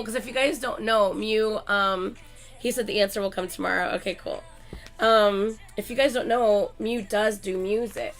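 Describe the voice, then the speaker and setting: Gravelly, excitable woman chatting to viewers. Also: mid-range voice, unhurried, faint music behind. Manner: excitable fan gushing, swears often, many "like"s. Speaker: channel host chatting with viewers. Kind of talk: casual chat.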